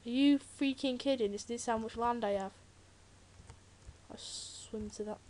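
Loud keyboard clicks and typing run under this Let's Play clip, where a British teenage girl comments on her video game. Her voice sits on the high side and she speaks at a measured pace, chatty and jokey with plenty of rambling asides.

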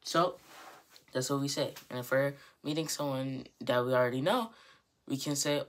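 A woman teaching Japanese in a casual video lesson, rambling a bit, correcting herself and repeating words slowly to demonstrate. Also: rumbling low, fairly even intonation, a little hiss or hum.

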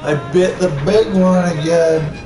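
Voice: mid-range voice, fairly even intonation, a little slow, reverberant, music in the background. A streamer giving casual, joking commentary while playing a game. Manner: playful, joking.

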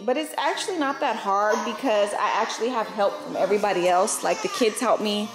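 A woman's voice: medium pitch, a little fast, few pauses, echoey room, music in the background. A young woman vlogging at home about her twins, chatty and loose, with lots of "like" and "freaking". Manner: chatty, says "freaking" and "like" a lot. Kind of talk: casual home vlog. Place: family home.

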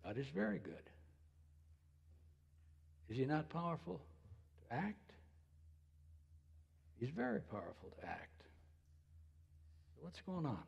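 A male pastor preaching a sermon, posing rhetorical questions in a slow, deliberate way. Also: on the high side, wildly swooping pitch, gravelly, darkish tone, slightly rough, long reverb tail, highs cut off. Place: church sanctuary.

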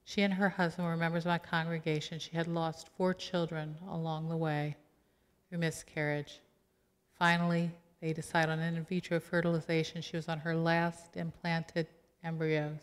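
A woman's voice: sits low, moderate pace, clean tone. Woman pastor preaching in a reverberant church. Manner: conversational, animated storytelling with quoted voices. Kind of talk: sermon. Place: church sanctuary.

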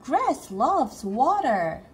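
A woman's voice: sits high, big pitch swings, drawn-out words, husky, voice pushed up, exaggerated voice. A woman voicing an eager, helpful little boy critter in a chirpy child voice for a storybook read-aloud.

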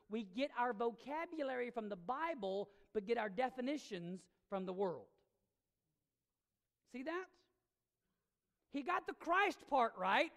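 Lively, gravelly woman preaching in a church hall. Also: on the high side. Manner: emphatic, conversational preaching. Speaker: pastor. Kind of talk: sermon. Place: church sanctuary. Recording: long reverb of a church hall.

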